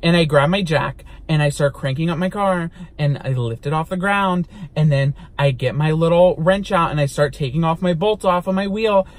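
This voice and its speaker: A young man vlogging from inside a car, telling a story in an animated, dramatic way and swearing now and then. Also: on the high side, normal speed, hardly any pauses. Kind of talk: storytime vlog.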